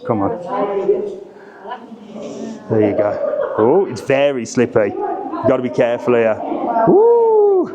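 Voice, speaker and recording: Here a middle-aged man vlogs his travels in an indoor ice tunnel, handheld camera in front of him, chatty and teasing and slightly breathless. His medium-pitched voice moves at a measured pace with frequent pauses, on lo-fi audio backed by crowd chatter.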